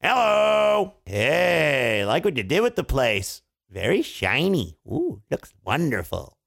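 A storyteller voicing a cheeky magical bird who jokes and deliberately mishears. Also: male voice, on the high side, very animated, creaky, a bit bright, full character voice. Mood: chirpy. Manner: wisecracking, playful mishearings. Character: cheeky magical male bird, joking trickster.

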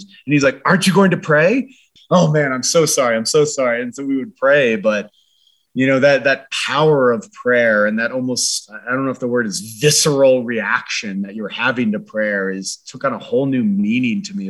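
A man's voice: medium pitch, a bit bright. A man being interviewed, a former military advisor, talking in an earnest, reflective way with many "you know" and "like" fillers. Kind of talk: reflective conversational storytelling.

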